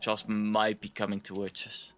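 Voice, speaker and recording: Male game streamer, tipsy and rambling, bright voice, soft music behind. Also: lowish voice, monotone, normal speed. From Canada. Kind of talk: casual game commentary.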